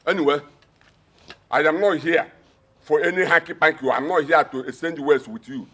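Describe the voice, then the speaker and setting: A scheming Nigerian man, scornful and commanding. His voice is husky and pitched fairly high for a man. He speaks with cold mockery. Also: moderate pace, sharp tone. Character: scheming older male relative, mocking. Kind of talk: Nollywood film acting.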